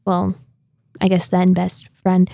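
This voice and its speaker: A young woman co-hosting a podcast, chatting casually and getting indignant in quick bursts. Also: fairly low pitch, completely flat delivery, vocal fry, mellow, dry recording, studio quality. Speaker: podcast co-host. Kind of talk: casual chat.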